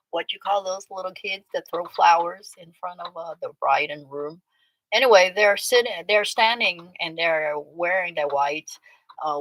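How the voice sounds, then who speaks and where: A woman's voice: on the low side, fairly bright tone, no echo, rough recording. Chatty, teasing woman. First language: Vietnamese. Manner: chatty and teasing, laughs often, reads out and reacts to viewer comments. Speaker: livestream host. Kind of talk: casual livestream chat with viewers.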